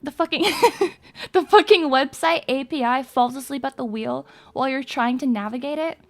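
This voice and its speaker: A woman's voice: high voice, moderate pace. A young woman streaming live, chatting in a hyper, rambling and crude way with her viewers. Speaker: VTuber streamer. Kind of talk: casual live-stream chat.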